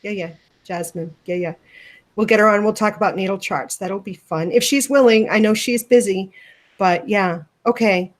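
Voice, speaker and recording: A woman's voice: mid-range voice, normal speed. A woman co-hosting a casual livestream chat, talking loosely with many fillers and restarts. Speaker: podcast co-host.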